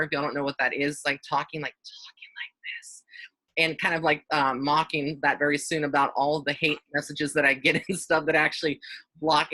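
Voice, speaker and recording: Bright-voiced man chatting on a live stream. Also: a little high, dry recording, poor audio. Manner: rambling, many fillers and restarts. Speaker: psychic medium host. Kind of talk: casual live-stream chat.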